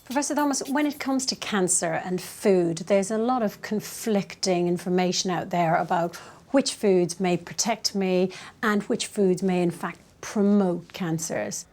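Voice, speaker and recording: A woman's voice: medium pitch, a little slow, few pauses, darkish tone. A woman doctor presenting a health programme, asking questions in an inquisitive presenting tone and explaining findings. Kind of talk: presenter to camera and interviewer.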